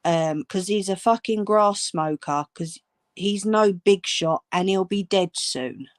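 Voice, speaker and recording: Slow, furious woman ranting. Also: medium pitch, no echo, clean studio sound. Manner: furious, swearing, scolding. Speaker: channel host. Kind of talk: angry direct-to-camera rant.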